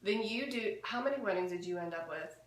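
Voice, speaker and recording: Woman host chatting w her guest, medium pitch, roomy echo. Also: lively intonation, brisk, distant mic. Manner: encouraging, lots of "yeah" backchannels. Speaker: interview host. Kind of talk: casual interview. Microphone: video call.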